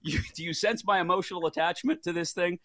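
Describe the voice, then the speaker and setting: Appearing as a guest on a betting show, a man runs through his college football picks in a lively, jokey way, often poking fun at himself in the casual sports-betting chat. He speaks quickly in a high-sitting voice, captured in a dry, studio-quality recording.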